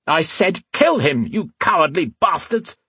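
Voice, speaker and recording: A man voicing a cowardly male militia leader who stammers and begs for mercy in a high, frantic voice. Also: very animated, a little slow, bright, forceful tone, slightly rough, no echo, exaggerated voice. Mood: furious. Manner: shrill, stammering, begging. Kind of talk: audiobook character voice.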